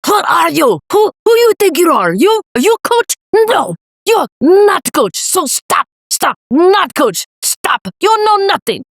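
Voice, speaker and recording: A woman putting on a harsh, domineering male coach who barks in broken English, her voice pushed shrill and high. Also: very animated, slow pace, no room sound, clean studio sound, heavily acted. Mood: scornful.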